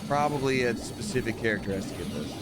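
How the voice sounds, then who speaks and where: A male streamer talks to his chat while gaming, upbeat and slangy, quick to say sorry. His voice sits at a middling pitch. Loud game music plays behind him. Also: big pitch swings.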